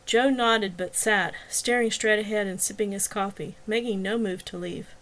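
A woman reads a novel aloud in a measured, even voice. Her pitch sits in a middle range. She narrates steadily. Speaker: audiobook narrator. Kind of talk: scripted narration.

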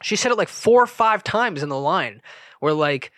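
A podcast host tells a rambling, profane story in a casual monologue, interrupting himself often. His voice sits high and a bit bright, with lively intonation and normal speed. The studio sound is clean, with no room echo.

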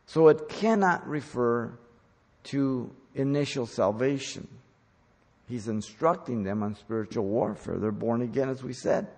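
A man preaching a sermon as a pastor, deliberate and emphatic, pressing hard on key words. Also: medium pitch, lively intonation, creaky, darkish tone. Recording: long hall reverb.

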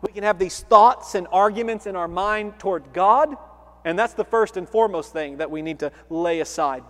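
A man preaching an expository sermon, earnest and emphatic, swinging between loud stresses and quiet low asides. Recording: long hall reverb.

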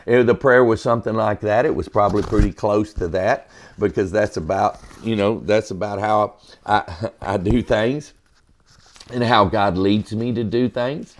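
A man's voice: fairly low pitch, normal speed. A man tells an earnest personal faith testimony, acting out both sides of a conversation with a preacher's emphasis. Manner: earnest storytelling, quotes himself and others, preacherly emphasis. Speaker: podcast host, former EMT.

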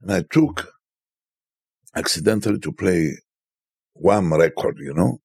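Animated husky man telling stories. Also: deep voice, unhurried, no room sound, clean studio sound. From Cyprus. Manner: animated, tells stories by acting out quoted voices. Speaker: DJ guest. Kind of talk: casual storytelling interview.

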